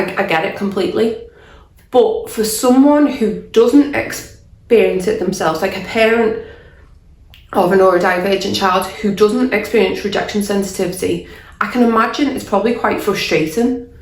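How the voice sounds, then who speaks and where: A woman, a life coach, talking candidly and earnestly to camera, often restarting her sentences as she thinks aloud. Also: mid-range voice. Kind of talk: casual talk to camera. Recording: roomy echo.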